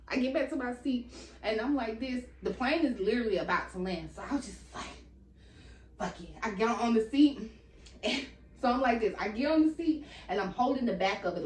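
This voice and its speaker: A young woman telling a long, animated story in casual slang and acting out what people said. She is a little out of breath. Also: mid-range voice, a little hiss or hum. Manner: animated, slangy, acts out quotes. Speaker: vlogger. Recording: echoey room, mic at a distance.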